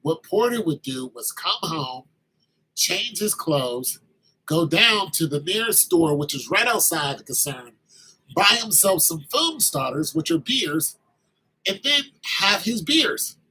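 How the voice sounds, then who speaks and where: Animated storytelling man in his late fifties. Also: a little high, slow, slightly rough, rough recording. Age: 50s. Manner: animated, acts out quoted dialogue. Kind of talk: casual storytelling.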